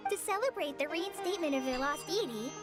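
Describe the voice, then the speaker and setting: A woman voicing an earnest, slightly nervous young woman apprentice in a game, speaking gently. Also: high voice, lively intonation, fast. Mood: explaining. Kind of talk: game voice acting. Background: game music.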